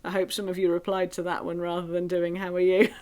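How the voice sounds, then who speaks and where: A woman leading a singing group through warm-up exercises, encouraging and playful, chanting rhythms and vocal sounds. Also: fairly low pitch, monotone, quick pace.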